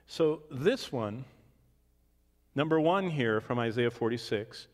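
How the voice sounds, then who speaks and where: A man's voice: medium pitch, takes it slowly. Man teaching scripture in a reverberant hall. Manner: expressive, swings from emphatic to hushed asides. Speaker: Bible teacher. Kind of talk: Bible teaching Q&A. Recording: long reverb of a large hall.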